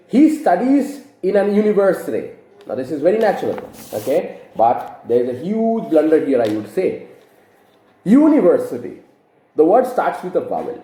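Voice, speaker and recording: A man teaches grammar, patiently walking through each example and quizzing his viewers. His fairly high voice is mellow and rises and falls in a lively way. The room around him adds a noticeable echo. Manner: explains patiently, asks rhetorical questions. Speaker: English teacher. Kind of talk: grammar lesson to camera.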